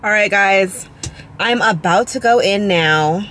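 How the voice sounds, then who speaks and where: A woman's voice: mid-range voice, a bit bright, a little hiss or hum. A young woman vlogging in a casual, chatty, upbeat way, talking to her viewers on a handheld camera as she goes about her day. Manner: chatty, upbeat, quick asides. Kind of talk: casual vlog chat. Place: home, then car and store.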